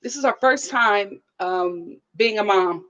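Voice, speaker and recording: A woman with features giving a casual live review of a reality show, speaking to her viewers in an animated, preachy way. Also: mid-range voice, takes it slowly, dull audio.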